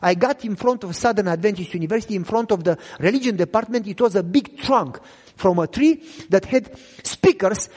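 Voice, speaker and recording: A young man preaches an emotional testimony in English, which is not his first language. His voice sits fairly high and leaps widely, with a husky edge. It rings out in a hall with a long echo. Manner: dramatic, swinging from loud cries to hushed low lines. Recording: echoey hall reverb.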